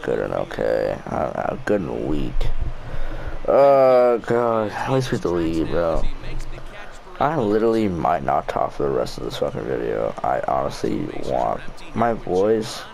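A man's voice: very deep voice, sing-song, normal speed, gravelly, a little mellow, poor audio. A young man commentating his own baseball gameplay, frustrated and swearing, muttering at himself. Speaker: gaming YouTuber.

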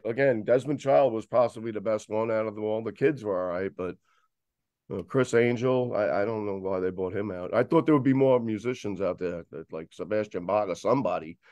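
Animated New man recalling a concert. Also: fairly low pitch, a little fast, no room sound. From New York. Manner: animated, rambling with restarts. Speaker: guest describing a concert. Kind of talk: casual chat.

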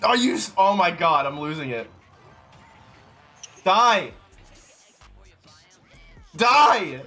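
A man streaming a video game, chatting casually, swearing, laughing and yelling in bursts. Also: high voice, big pitch swings, very slow, faint music behind. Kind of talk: casual gaming banter.

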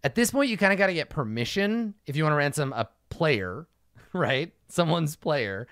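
A man running a casual livestream Q&A as game master, blunt and profane, tossing off quick mock dialogues. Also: fairly high pitch, big pitch swings, fairly bright tone, no echo, studio quality. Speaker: game master answering fan questions.

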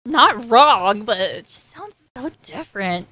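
Chatty lady reacting to anime, kinda high voice, slow and giggly, dry sound. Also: no room sound. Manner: excitable, giggly. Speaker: anime reviewer. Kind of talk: casual reaction commentary.

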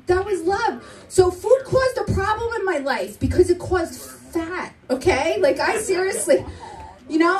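Brash high-voiced woman doing stand-up. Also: distant mic. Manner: animated, brash, profane, acts out family members. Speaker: stand-up comedian. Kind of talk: stand-up comedy set. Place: comedy club stage. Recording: live club, mic heard from afar, audience laughter. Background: audience laughter.

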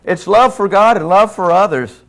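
In a church sanctuary, a male pastor preaches a sermon in a conversational style, putting questions to the congregation. His voice sits fairly high with a fairly bright tone, and his pace is normal.

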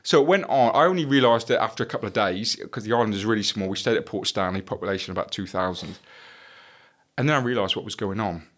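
A man's voice: lowish voice, fast talker, fairly bright tone. A middle-aged man, a former police detective, telling a story on a podcast in a blunt way, swearing freely and acting out the dialogue.

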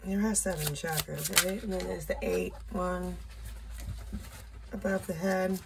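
Lady doing a slow tarot reading in a room, gravelly voice, thinks out loud. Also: fairly low pitch, fairly even intonation, heavy background noise. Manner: slow, musing, thinking aloud, blunt asides. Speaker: tarot reader. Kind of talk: casual solo tarot reading. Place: indoor room with a window.

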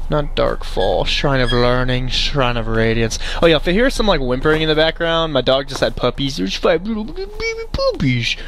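Excitable, animated man narrating gameplay. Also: mid-range voice, slight background noise. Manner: excitable, chatty, talks to game animals. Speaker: game streamer. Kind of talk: let's play commentary.

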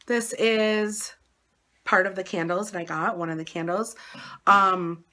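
A hoarse, short-of-breath woman with an Upper Midwest American accent, chatting casually in a home vlog with lots of fillers. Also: mid-range voice, steady tone, a little slow, pushed and bright. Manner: rambling, chatty, many fillers. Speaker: vlogger. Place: at home indoors.

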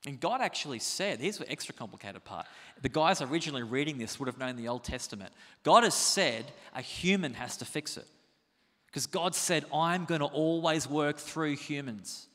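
Animated pastor, bright and echoey. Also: male voice, on the high side. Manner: animated, conversational preaching with rhetorical questions. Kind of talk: sermon.

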